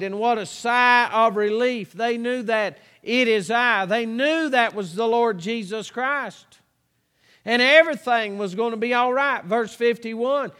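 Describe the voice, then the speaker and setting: Slow high-voiced preacher in a hall. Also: male voice, sharp tone, clear, resonant tone. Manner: slow drawn-out scripture reading, folksy asides. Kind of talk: sermon. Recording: long hall reverb.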